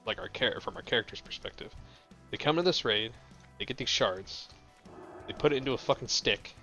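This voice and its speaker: A man's voice: medium pitch, brisk, sharp tone, soft background music. Profane, rambling male game streamer. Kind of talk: casual live gameplay commentary.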